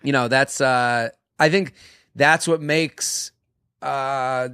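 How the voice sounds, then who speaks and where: A man's voice: medium pitch, steady tone, takes it slowly, pushed and bright, clear, resonant tone, no echo, studio quality. Rambling, swearing man. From Boston. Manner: rambling, swearing, laughs at himself. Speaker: comedian guest. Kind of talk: casual podcast chat.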